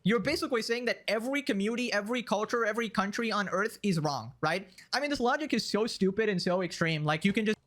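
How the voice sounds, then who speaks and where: A man's voice: sits high, lively intonation, fast, hardly any pauses, a bit bright. A man streaming a reaction video, ranting in a mocking, sarcastic way. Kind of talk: heated reaction commentary.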